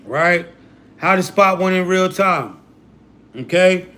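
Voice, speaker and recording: A man hosting a livestream who lectures his chat in a slangy, profane sermon. His voice is high and bright and pushes forward. He sounds hyped and sure of himself. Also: slow pace, clean tone. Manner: preachy, profane, hype talk with slang. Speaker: livestream host. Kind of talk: casual livestream rant.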